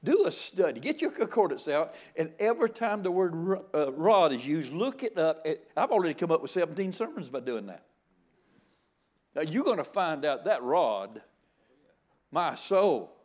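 An older man preaching with a slightly high voice. He keeps a folksy, joking tone throughout the sermon. He often trips over his words and starts his phrases again. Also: very animated, moderate pace. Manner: folksy and joking, with frequent stammered restarts. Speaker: guest preacher.

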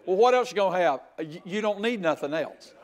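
High-voiced older preacher. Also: male voice, animated, fairly quick. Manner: folksy storytelling, rising to loud outbursts. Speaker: pastor. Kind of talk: sermon with humorous story.

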